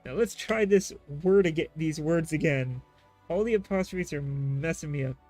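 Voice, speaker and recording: A man's voice: on the high side, normal speed, darkish tone, soft background music. A man streaming a game, chatting casually and joking at his own expense while he reads dialogue aloud. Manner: self-deprecating, swears casually.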